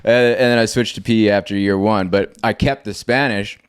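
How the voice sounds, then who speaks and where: A man's voice: lowish voice, steady tone, brisk, smooth, dry recording. A man hosting a casual conversation, rambling and telling stories animatedly with lots of fillers. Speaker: host.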